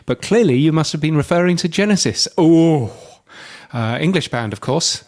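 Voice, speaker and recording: A man co-hosting a podcast, chatting casually and filling pauses with ums and uhs. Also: on the high side, lively intonation, a little mellow. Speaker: podcast co-host.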